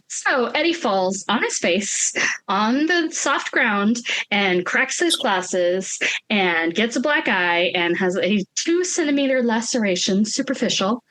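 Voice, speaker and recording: A woman co-hosting a podcast, telling a story, animated and acting out the voices of the people she quotes. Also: medium pitch. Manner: animated, acts out quoted voices, laughs often. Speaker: podcast co-host. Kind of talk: casual storytelling chat.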